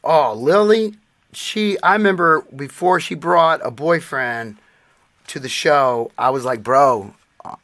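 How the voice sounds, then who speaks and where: A man's voice: a little high, measured pace, a bit bright, no room sound. A man in his forties co-hosting a podcast, telling earnest, emotional stories in casual chat. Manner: earnest storytelling, emotional tribute. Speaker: podcast co-host.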